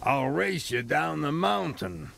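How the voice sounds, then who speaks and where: A man's voice: a little high, takes it slowly, vocal fry, noisy background, exaggerated voice. A man voicing a boastful old male steam engine in a fan-made storybook dub, with music behind him. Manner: boastful, then remorseful.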